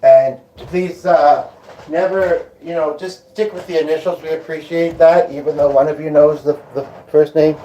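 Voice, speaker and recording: A man's voice: fairly high pitch, fairly even intonation, moderate pace, warm tone, lo-fi sound, slight background noise. A tired man hosting a live stream, rambling and joking casually as he answers viewers' comments. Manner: rambling, jokey, chatty with viewers. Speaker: livestream host.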